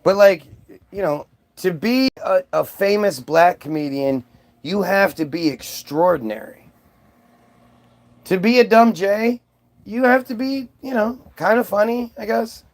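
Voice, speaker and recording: A man with a high voice and a gravelly rasp, ranting in a loose, rambling stream full of swearing. He breaks off and restarts his sentences often as he talks to his viewers. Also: a little slow. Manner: rambling, profane, many restarts. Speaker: vlogger. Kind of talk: ranting monologue.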